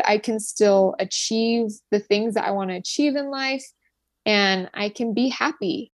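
A woman's voice: mid-range voice, steady tone, normal speed, dry recording. Earnest young woman sharing her story. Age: 20s. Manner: earnest, grateful, many fillers and restarts. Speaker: guest, nurse. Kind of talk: personal story in an interview.

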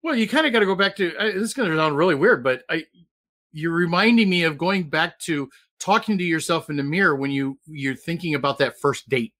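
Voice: mid-range voice, a little fast, a bit bright. A host interviewing a guest over a video call, speaking conversationally and steering the talk with questions.

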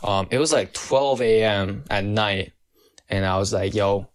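A man's voice: lowish voice, unhurried, clean tone. A teenage boy chatting casually with a friend, telling a loose, rambling story. He talks in slang and swears freely, with restarts and fillers throughout. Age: teens. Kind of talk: casual chat.

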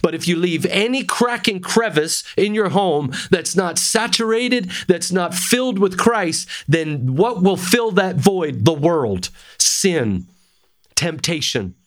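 A man's voice: high-pitched, expressive, slow pace. A middle-aged male pastor preaching a sermon to young men at a camp, emphatic and repeating phrases for stress.

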